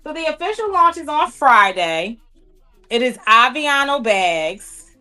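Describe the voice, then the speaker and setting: Lively chatty woman sewing host. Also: sits high, a little slow, soft background music. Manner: chatty, playful, talks to chat and people off camera. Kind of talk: casual livestream chat while sewing.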